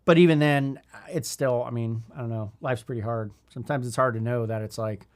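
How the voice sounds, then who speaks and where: Guy in his 30s cohosting a podcast, thinks out loud, rambles a lot, medium voice. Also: mid-range voice, fairly even intonation, brisk. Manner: thoughtful and rambling, many restarts and "I mean". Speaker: podcast co-host. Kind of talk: casual leadership podcast chat.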